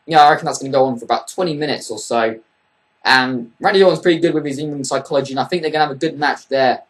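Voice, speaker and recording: A man giving a casual, opinionated wrestling review, blunt and profane. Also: mid-range voice.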